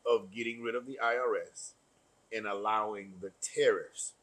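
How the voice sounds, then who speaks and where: Husky guy cohost cutting in with jokey provocative takes. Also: on the low side, steady tone, moderate pace, a bit bright, poor audio. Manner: provocative, joking, interjects often. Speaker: podcast co-host. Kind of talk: casual political chat.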